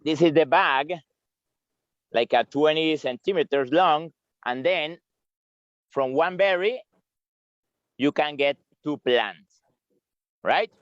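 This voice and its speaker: Brief: male tour guide, unhurried, raised pitch, dry lo-fi sound. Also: no echo. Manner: halting, repeats words, chuckles while eating. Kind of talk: live virtual tour explanation. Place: outdoors on a coffee farm. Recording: dry, slightly dull lo-fi sound.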